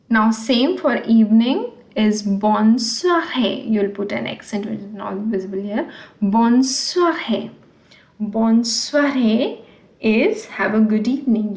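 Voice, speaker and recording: A woman teaching French greetings, reading words and explaining them, repeating each one slowly and carefully. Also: on the high side, darkish tone, echoey room. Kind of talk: explaining language lesson.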